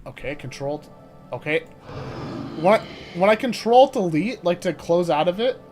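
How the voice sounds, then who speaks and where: A young man chatting live on a game stream, excitable and swearing, laughing often and talking to his chat. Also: high-pitched, normal speed, soft background music.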